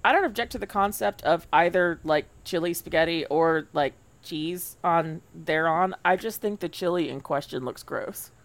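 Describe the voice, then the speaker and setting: A woman's voice: fairly low pitch, normal speed, few pauses, dry recording. A woman co-hosting a podcast in casual chat, wry with profane asides. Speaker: podcast co-host.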